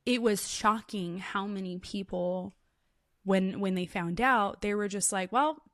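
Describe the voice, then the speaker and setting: A woman hosting a faith podcast, telling personal stories with animated acted-out quotes in a casual chat. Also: medium pitch, unhurried, no room sound, studio quality. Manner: animated storytelling, acts out quotes in lively voices. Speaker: podcast host.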